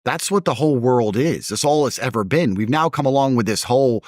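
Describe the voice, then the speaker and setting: Blunt male guest, mimics others mid-story, very lively intonation. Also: mid-range voice, a little fast, no echo, clean studio sound. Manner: blunt, swears, mimics other people's voices in his stories. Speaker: interview guest. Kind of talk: forceful opinionated conversation.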